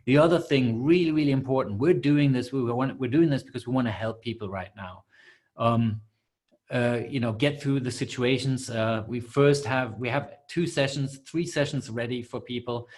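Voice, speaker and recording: A man speaking as a coach on a live online session, answering viewer questions. He rambles, circling back with fillers and restarts, at a middling pitch for a man. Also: moderate pace, a little mellow. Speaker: coach and webinar host. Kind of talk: live webinar Q&A.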